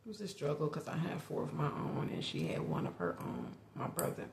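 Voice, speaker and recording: A woman's voice: low-pitched, huge pitch swings, fairly quick, gravelly, darkish tone, a little hiss or hum. A middle-aged woman, candidly telling a personal family story with lots of "like" and restarts. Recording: echoey room.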